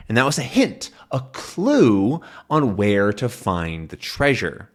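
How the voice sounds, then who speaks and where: A young man teaching English, explaining a comic slowly and clearly for learners. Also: on the low side. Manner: slow, clear and animated.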